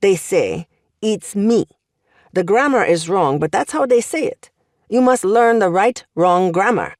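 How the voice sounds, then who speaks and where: A woman's voice: mid-range voice, lively intonation, measured pace, darkish tone, no room sound, clean studio sound, lightly acted. A woman voicing an older male language professor who lectures with amused, coaxing wit.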